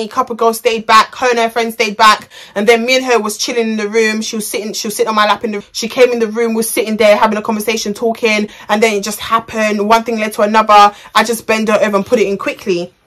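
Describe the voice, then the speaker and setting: Cocky crude young guy bragging, as a woman quotes him, voice a bit high. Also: little pitch movement, quick pace, hardly any pauses, a bit bright, close to an everyday voice. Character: boastful cocky young man.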